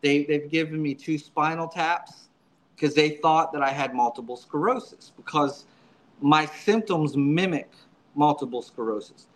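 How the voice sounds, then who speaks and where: A man speaking as a church subdeacon in a relaxed interview, sitting a little above the usual male range. He talks earnestly and haltingly, doubling and tripling his words as he finds his way through each thought. The tone is plain, personal storytelling. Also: on the high side, poor audio.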